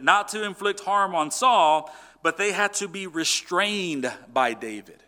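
Bright-voiced, earnest male preacher. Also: sits high, expressive, unhurried. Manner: earnest, conversational, frequent restarts. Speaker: pastor. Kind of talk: sermon.

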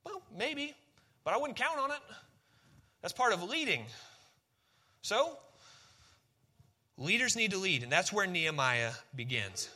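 Man, pastor, sermon, conversational, emphatic, very bright tone. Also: high-pitched, big pitch swings, measured pace, pauses often. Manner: conversational, emphatic, repeats key phrases.

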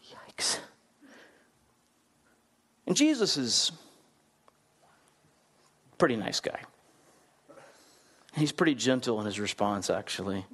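A man preaching a sermon in a conversational, animated way, acting out the people in the story and putting questions to his listeners. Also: measured pace, pauses often, breathy edge. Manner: animated storyteller, acts out quotes with big swings in pitch; conversational, asks the congregation questions. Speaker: pastor.

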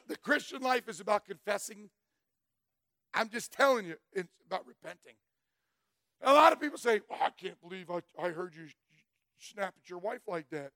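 A middle-aged man giving a folksy, animated testimony sermon, telling stories and breaking into shouts. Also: sits high, no room sound. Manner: folksy, storytelling, bursts into shouts.

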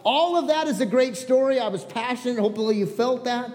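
A male pastor preaching a sermon, animated and storytelling, joking with the congregation. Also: very high voice, brisk, in a large hall.

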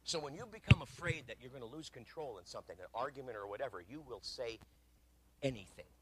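A middle-aged man preaching as a guest pastor, telling stories conversationally and swinging from loud emphasis to quiet asides. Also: mid-range voice, expressive, fast, a little hiss or hum, rough recording. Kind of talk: sermon.

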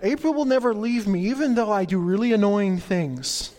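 A man preaching a sermon, joking with the congregation and building to excited energy. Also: high voice, moderate pace, in a large hall. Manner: playful, jokey asides to the congregation. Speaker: pastor.

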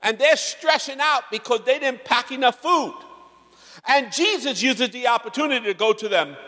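A male pastor preaching an animated, slangy sermon in a church, calling out for amens. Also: very high-pitched, normal speed, long reverb tail.

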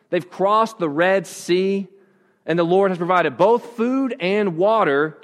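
A man's voice: sits high, in a large hall. A pastor preaching a conversational sermon to his congregation, often restarting his phrases. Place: church.

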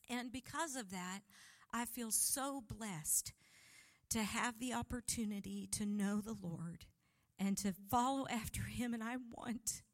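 A middle-aged woman delivers a sermon, speaking unhurriedly with long, deliberate phrases. Her voice sits somewhat high, and she tells a family story with open, heartfelt emotion that sometimes turns tearful. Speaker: pastor's wife preaching.

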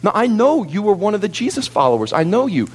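Accusing bystander, high and pushy, very lively pitch a preacher voicing him. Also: male voice, quick pace, husky, heavily acted. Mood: insistent. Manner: insistent, pointing out. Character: loud male bystander accusing a stranger.

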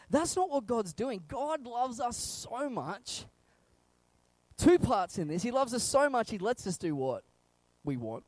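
Animated, chuckling preacher. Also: mid-range voice, a little slow, no echo. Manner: animated, chuckling often, conversational. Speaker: pastor. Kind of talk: sermon.

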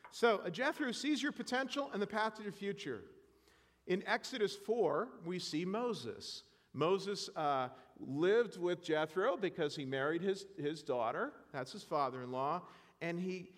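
A man preaching a sermon in church, animated and self-deprecating, joking with the congregation. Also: sits high, in a large hall. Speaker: pastor.

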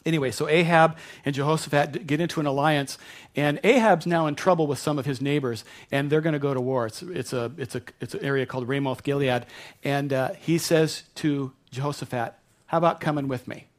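A man's voice: on the high side, a little fast. A man preaching a sermon, retelling a Bible story in a conversational way with asides to the congregation. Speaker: pastor.

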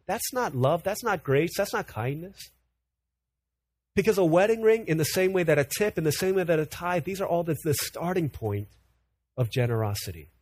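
A man preaching a sermon in an animated way, often repeating words as he builds a point. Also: on the high side, breathy edge. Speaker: pastor.

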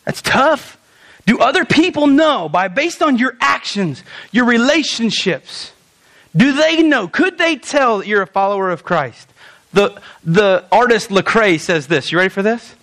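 A young man preaching a sermon as pastor, animated, asking rhetorical questions and acting out quoted lines. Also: sits high, a little slow.

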